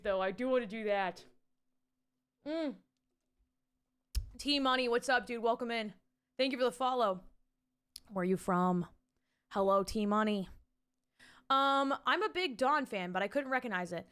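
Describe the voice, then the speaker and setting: Young woman streamer, high clear voice, casual and foul-mouthed, quick to laugh and shout. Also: lively intonation. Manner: chatty, swears freely, laughs often, breaks into loud shouting bits. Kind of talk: casual live-stream chat.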